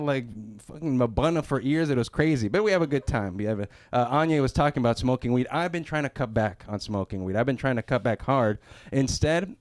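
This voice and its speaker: Lively man doing stand-up. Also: a little high, no room sound. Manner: punchy, self-deprecating, acts out characters. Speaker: stand-up comedian. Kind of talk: stand-up comedy set. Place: small comedy club stage.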